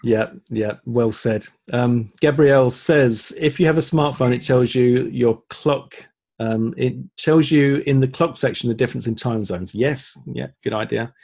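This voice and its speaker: A man's voice: medium pitch, unhurried, vocal fry, darkish tone. A man co-hosting a live online Q&A, reading out viewer comments and laughing easily. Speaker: webinar co-host. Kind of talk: live Q&A chat.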